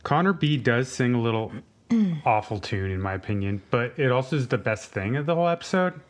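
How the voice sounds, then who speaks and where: A man's voice: medium pitch, big pitch swings, brisk. A man co-hosting a podcast, laid-back, giving short agreements and blunt opinions. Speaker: podcast co-host. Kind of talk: casual chat.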